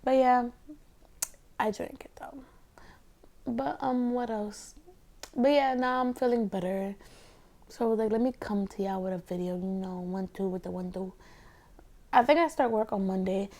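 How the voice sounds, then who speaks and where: A young adult woman talking casually while eating, sliding between soft speech and whispers, rambling through stories full of "like". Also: medium pitch, steady tone, normal speed, vocal fry, pauses often. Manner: rambling storyteller, heavy filler 'like'. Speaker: ASMR mukbang creator.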